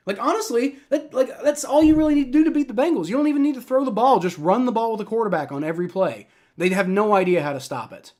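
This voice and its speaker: A young man hosting a live play-by-play reaction stream, ranting and swearing in frustration as a fan. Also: fairly high pitch. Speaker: livestream reaction host.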